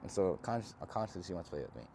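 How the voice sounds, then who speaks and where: A man's voice: low-pitched, big pitch swings, very fast, warm tone, slight background noise. A young man giving an earnest, casual self-help talk to camera, reflective and slangy.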